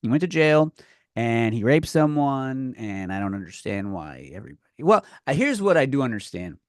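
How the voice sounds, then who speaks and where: A man's voice: medium pitch, big pitch swings, normal speed, no room sound, studio quality. Swearing man ranting on a podcast. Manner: profane, ranting, with frequent restarts. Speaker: podcast host. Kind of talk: comedic rant. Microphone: podcast microphone.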